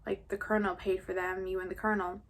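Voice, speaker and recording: A teenage girl vlogging from home, recapping a story in a loose, gossipy way. Her voice sits at an ordinary middle pitch for a woman, and she talks like she is catching up with a friend. She swears playfully now and then. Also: little pitch movement, fast. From New York. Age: late teens. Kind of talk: casual story recap during a mukbang.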